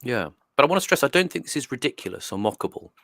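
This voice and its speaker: A man's voice: medium pitch, very animated, fast, gravelly, fairly bright tone, no echo. A man from Northeast England hosting a casual podcast discussion, talking in a digressive, reflective way with many restarts. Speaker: host. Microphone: streaming setup mic.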